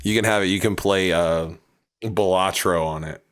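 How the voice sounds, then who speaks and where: A man's voice: sits low, moderate pace, clear, resonant tone. A young man co-hosting a podcast in casual, joking chat. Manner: joking, slips into playful put-on voices. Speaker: podcast co-host.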